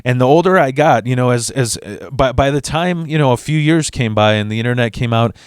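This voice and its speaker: A man's voice: mid-range voice, brisk, smooth, no echo, clean studio sound. Rambling, stammering man telling a story. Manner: rambling, stammering restarts, heavy swearing. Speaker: vlogger telling a personal story. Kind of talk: casual storytelling.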